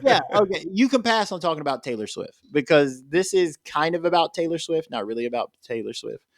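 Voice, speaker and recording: A man's voice: fairly high pitch, animated, brisk, no echo, studio quality. A man hosting a casual podcast chat, rambling with lots of filler words and restarts. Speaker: podcast host.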